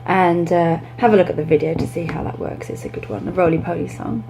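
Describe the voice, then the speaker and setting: Woman, young, English teacher, chatty, lively demonstrations, lowish voice, faint hum. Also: quick pace, gravelly, low-quality recording. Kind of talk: teaching tips to camera.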